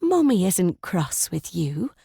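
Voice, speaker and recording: An older landlady speaks in a cooing, motherly tone with an unsettling sweetness, as a woman narrator puts her on. The voice is warm and mellow, recorded dry and close. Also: lowish voice, sing-song, slow, vocal fry, husky, no echo, heavily acted.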